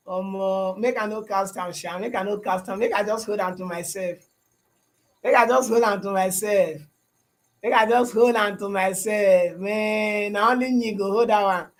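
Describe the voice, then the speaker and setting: A young man with a Nigerian accent that slips into Pidgin chats with his livestream viewers. His voice sits high for a man, and he keeps repeating lines and checking "you understand?". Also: poor audio. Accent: Nigerian English with Pidgin. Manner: repetitive, asks "you understand?". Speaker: livestream host. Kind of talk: casual livestream chat with viewers.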